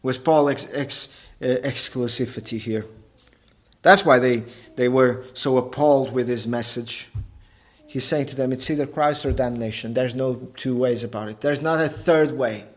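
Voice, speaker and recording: A man preaching a sermon, emphatic and repetitive, asking the congregation rhetorical questions and building to forceful peaks. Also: medium pitch, moderate pace. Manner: emphatic, rising to forceful peaks, repeats phrases.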